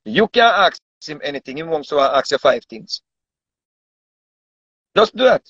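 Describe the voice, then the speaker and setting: A Jamaican-accented man rants casually to camera, boastful and repetitive, frequently checking whether you understand him. His voice is a little high and fairly bright, very animated, at a normal speed. The lo-fi recording sounds dull and dry, with no room sound.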